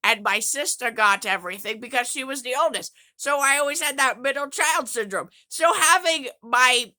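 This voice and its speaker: A woman's voice: a little high, fairly quick, sharp tone. A woman hosting a casual radio-style show, telling a long personal story in a rambling way with many fillers and indignant outbursts. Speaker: podcast host.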